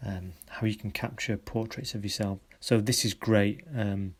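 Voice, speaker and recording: A man with a fairly low voice talks through students' photographs as a workshop leader. He is encouraging and warm in his praise. He stops often to search for the right word. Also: steady tone, husky. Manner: encouraging, halting with many pauses. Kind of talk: recorded feedback on students' photos.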